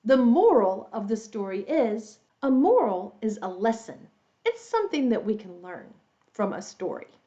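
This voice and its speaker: A woman's voice: a little slow, muffled recording. A woman English teacher reading a children's story aloud, explaining words and quizzing her young listeners. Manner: animated, adds roars and squeaks for the animals.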